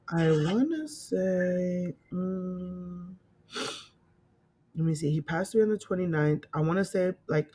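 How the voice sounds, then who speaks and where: A middle-aged woman from California telling a painful personal story in an interview, emotional and halting, often repeating herself and acting out what others said. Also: low voice. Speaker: guest telling her story.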